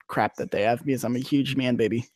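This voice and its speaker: A man's voice: medium pitch, fairly even intonation, fast, a little mellow, no echo. A man co-hosting a casual podcast, joking and bantering with his friend. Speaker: podcast co-host.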